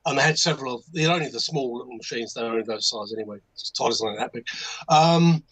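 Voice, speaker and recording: A guest modelmaker from England, an older man with an English accent, chats on a hobby livestream in a rambling anecdote riddled with restarts and asides. He talks fast in a mid-range voice that's a bit bright and husky. The audio is poor.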